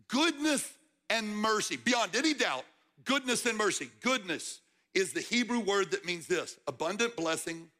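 A man with a high, bright voice delivers a sermon in a church. He talks to the room casually, repeating key words for emphasis and checking in with questions. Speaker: guest preacher, football coach.

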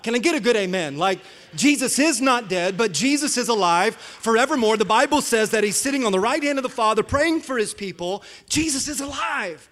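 In a church sanctuary thick with long reverb, a brisk male preacher delivers a storytelling sermon. His voice is high and bright, and he performs the quotes with lively shouts and bursts of laughter.

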